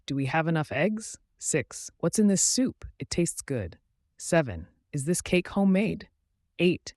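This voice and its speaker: A man with a slightly high voice reads short numbered phrases slowly and clearly for learners. His pitch moves a lot from line to line, and the sound is dry and close. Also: no room sound. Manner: slow, clear, even phrase reading. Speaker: English teacher.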